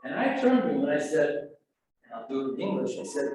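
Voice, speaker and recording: A man's voice: on the high side, brisk. Older man telling a story, echoey and distant. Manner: animated, acts out quoted voices and sound effects. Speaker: storyteller at an alumni event. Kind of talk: anecdotal storytelling. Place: event room. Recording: echoey room from far off, faint noise.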